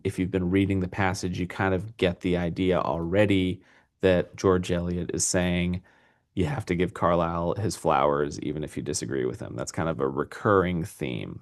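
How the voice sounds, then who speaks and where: A man teaching a class in an unedited recorded lesson, talking casually and rambling with many fillers. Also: sits low.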